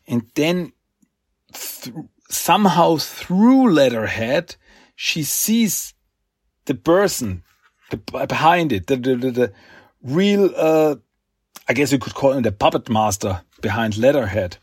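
A man hosting a podcast, recapping a comic book in a rambling, halting way with fillers. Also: mid-range voice, animated, a little mellow, slightly rough, no echo, studio quality. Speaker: podcast host.

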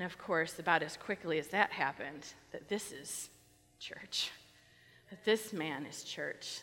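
A middle-aged woman pastor giving a conversational, animated sermon on a microphone, telling a personal story and acting out quoted lines. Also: medium pitch. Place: church sanctuary. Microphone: wearing a microphone. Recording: long reverb of a church hall.

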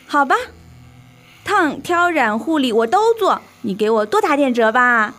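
A woman's voice: high voice, big pitch swings, measured pace, fairly bright tone, full character voice. A woman voicing a fussy young female salon customer in a scripted lesson dialogue, doubtful and haggling over the price.

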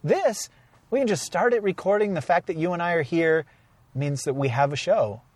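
A man's voice: fairly high pitch, lively intonation, moderate pace, darkish tone, no echo. A man co-hosting a podcast in casual chat, rambling through stories and laughing often. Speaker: podcast co-host.

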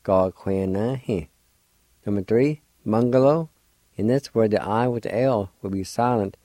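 A man's voice: lowish voice, warm tone, dry recording. A man hosting a radio language lesson, spelling words letter by letter and pronouncing them patiently. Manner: slow, deliberate spelling letter by letter; patient, encouraging teacher. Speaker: radio show host teaching language.

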